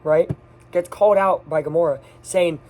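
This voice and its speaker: A person giving a casual, off-the-cuff movie review, gushing and excitable, talking in quick bursts. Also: medium pitch.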